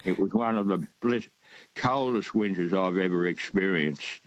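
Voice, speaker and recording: A man's voice: low voice, normal speed, lo-fi sound. Older man calling in. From Australia. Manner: hesitant, rambling, many fillers. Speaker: radio caller. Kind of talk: casual phone-in chat.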